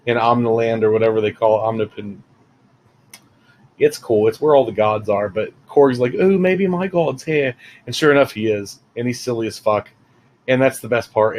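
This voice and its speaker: A man's voice: medium pitch, darkish tone, rough recording. A man giving a casual, rambling spoiler review of a film, full of fillers and asides. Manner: rambling, chatty, many fillers.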